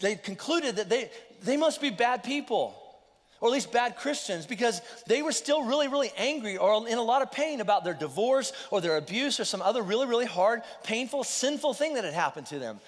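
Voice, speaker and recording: A man preaching a sermon as pastor, animated and conversational, with lively asides to the congregation. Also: very high voice. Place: church auditorium. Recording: long hall reverb.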